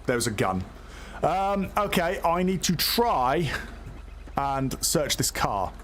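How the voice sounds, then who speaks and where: A man's voice: on the high side, big pitch swings, slow, fairly bright tone, slight background noise. A man streaming a police game live, talking himself through it in a hesitant, chatty way full of fillers. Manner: hesitant, chatty, lots of fillers and self-talk. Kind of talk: live gameplay commentary.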